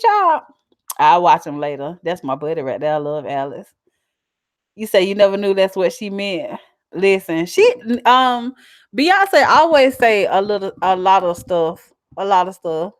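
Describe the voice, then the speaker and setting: A woman's voice: fairly low pitch, dry recording, clean studio sound. A woman with a South Carolina country twang, chatting casually and animatedly as she reads out viewer comments and laughs often. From South Carolina, USA. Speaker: vlogger.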